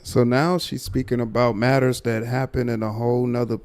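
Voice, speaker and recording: A man's voice: medium pitch, little pitch movement, fairly quick, a little mellow, clear, resonant tone. A man hosting a livestream, giving blunt, repetitive commentary on a guest. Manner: repetitive, emphatic, judging. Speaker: livestream host.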